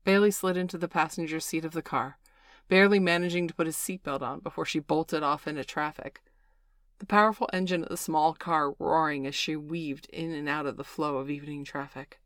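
Woman narrator for audiobook, low steady voice, dry close sound. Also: brisk, no room sound.

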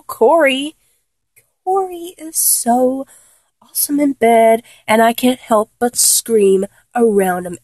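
A woman's voice: high-pitched, no echo. A young woman performing a playful one-sided phone role-play, teasing and giggling as she talks to an unheard listener.

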